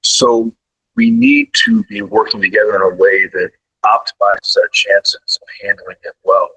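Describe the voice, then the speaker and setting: Husky, forceful podcast host. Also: male voice, on the low side, wildly swooping pitch, moderate pace, poor audio. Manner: emphatic, repeats key points. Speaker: podcast host, law enforcement background. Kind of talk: conversational interview.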